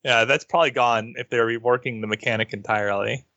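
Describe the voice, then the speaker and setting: Bright-voiced opinionated podcast man. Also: mid-range voice, steady tone, quick pace, no room sound, lo-fi sound. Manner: frank, opinionated, laughs often. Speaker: podcast co-host. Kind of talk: casual game discussion.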